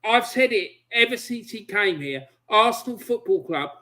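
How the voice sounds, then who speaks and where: High, bright-voiced man on a video call; fuming, emphatic fan rant. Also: lively intonation, moderate pace. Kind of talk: heated football fan rant.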